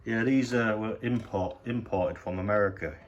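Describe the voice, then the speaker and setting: Very deep-voiced man rambling. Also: steady tone, moderate pace, highs cut off, slight background noise. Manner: rambling, hesitant, swears casually. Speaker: collector showing his DVDs. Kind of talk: casual unscripted show-and-tell.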